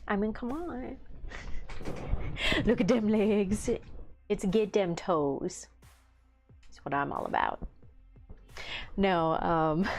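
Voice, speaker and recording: A tired woman with a rural Southern American accent, hosting a livestream in a relaxed chat, laughing often as she answers viewer comments. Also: low-pitched. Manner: laughs often, chatty and easygoing. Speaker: livestream host.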